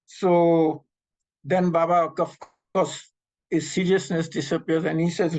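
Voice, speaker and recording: A man in his seventies, from Pakistan, telling memories as an animated storyteller who acts out the dialogue. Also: on the high side, moderate pace, vocal fry, rough recording. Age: 70s. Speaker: interviewee recounting memories. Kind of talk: storytelling reminiscence. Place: North America.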